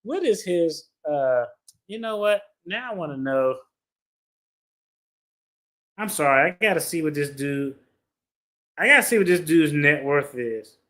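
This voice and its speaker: A man's voice: fairly high pitch, lively intonation, unhurried, pauses often, sharp tone. A man giving casual reaction commentary as he reads a legal complaint aloud, blunt and profane, with slangy asides. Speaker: attorney reacting to a lawsuit.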